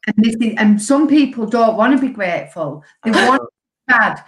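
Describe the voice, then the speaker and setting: A woman's voice: a little high, lively intonation, normal speed. A woman, a guest on a recovery podcast, speaking in an upbeat, emphatic way and repeating words for stress. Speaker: guest, sobriety coach. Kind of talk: casual podcast chat. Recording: echoey room.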